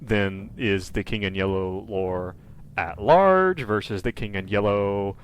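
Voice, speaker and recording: A man in casual chat as the game master, lively and laughing, trailing off into quiet asides. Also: lowish voice, a little slow, clean tone. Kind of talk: wrapping up a tabletop game session, casual chat.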